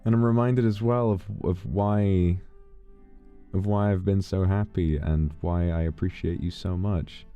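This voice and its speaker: A man streaming from home who reads out thanks to his fans in a soft, intimate way and is close to tears. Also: deep voice, fairly even intonation, unhurried, smooth. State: emotional, holding back tears. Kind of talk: casual livestream talk, reading out fan thanks. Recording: dull lo-fi audio with faint music.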